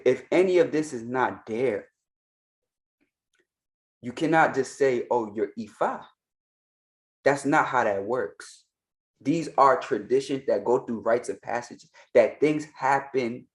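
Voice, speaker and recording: Emphatic man repeating his points. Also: medium pitch. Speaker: Ifa priest and reaction commentator. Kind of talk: reaction commentary.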